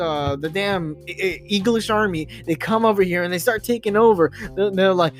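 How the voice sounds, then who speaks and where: A man's voice: high voice, moderate pace, few pauses, soft background music. A man hosting a podcast, telling an improvised story in a rambling, self-amused way with many restarts. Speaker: podcast host.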